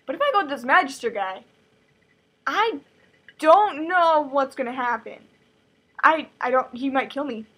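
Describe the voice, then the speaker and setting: A woman's voice: sits high, lively intonation, unhurried, long pauses, sharp tone, full character voice, poor audio. A woman voicing a frightened young woman who stammers in rising panic.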